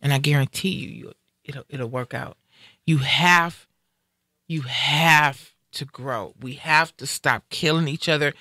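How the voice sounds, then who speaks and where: A woman's voice: low-pitched, sharp tone, no echo, studio quality. A middle-aged woman hosting a casual talk show, speaking emphatically and from the heart, repeating phrases for weight. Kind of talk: casual chat.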